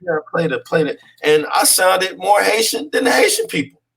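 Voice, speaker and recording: A man's voice: high voice, expressive, moderate pace, gravelly, a bit bright, breathy edge. A man, an actor, chatting as an interview guest in a laid-back way, often checking in with his listener. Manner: laid-back, peppers talk with "you know what I'm saying". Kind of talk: casual conversational interview.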